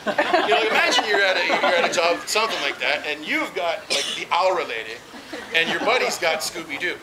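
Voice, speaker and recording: A man's voice: fairly high pitch, sing-song, a little fast, over a noisy crowd. A man performing rambling stand-up comedy stories at an outdoor barbecue, with frequent fillers. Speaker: amateur stand-up comic. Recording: noisy outdoor party recording.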